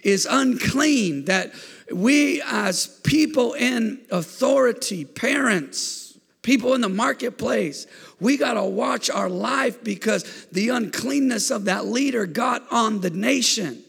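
A male pastor preaching fervently, his high, bright voice rising to shouts as he calls on the congregation to respond. The tone is gravelly and a little husky. His words ring out with a long reverb through the church sanctuary. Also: takes it slowly. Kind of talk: sermon.

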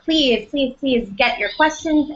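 Slow-talking woman co-hosting a show. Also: high-pitched, a bit bright. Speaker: co-host. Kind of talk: casual live-show chat. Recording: muffled lo-fi audio.

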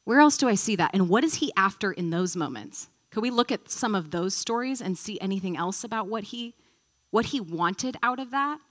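Woman Bible teacher, lively storyteller who acts out scenes, casual and conversational. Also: medium pitch, normal speed. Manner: animated storyteller, acting out quotes; conversational, thinking aloud.

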